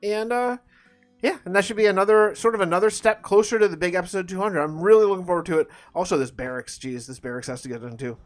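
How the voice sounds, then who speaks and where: Homme enthousiaste qui commente sa partie. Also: male voice, high voice, fast, soft background music. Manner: rambling, repeats words, upbeat. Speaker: gaming channel host. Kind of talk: casual commentary over gameplay.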